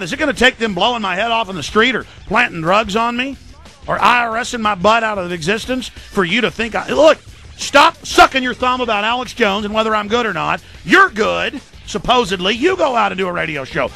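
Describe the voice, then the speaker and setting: A male radio talk show host, delivering an emphatic, defensive, rapid-fire monologue. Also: high-pitched, animated, vocal fry, bright, forceful tone, soft background music. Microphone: studio mic.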